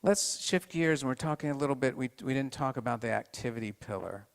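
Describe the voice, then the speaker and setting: A man giving an informal health talk to a live group, halting with many restarts and turning to the audience with questions. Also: medium pitch, lively intonation, vocal fry, clear, resonant tone.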